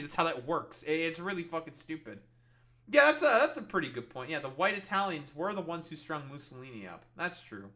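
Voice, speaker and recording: A man's voice: a little high, sharp tone. A man hosting a casual reaction show, mocking a video in a profane rant. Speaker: podcast host reacting to videos.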